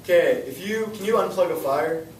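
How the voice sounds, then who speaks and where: Young male teacher, energetic classroom lesson, recorded far off in a noisy, roomy classroom. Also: a little high, moderate pace. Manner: energetic, repeats questions to students. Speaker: high school science teacher.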